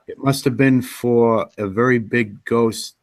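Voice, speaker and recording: Northern man co-host, excitable laughing banter, casual chat. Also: mid-range voice, takes it slowly.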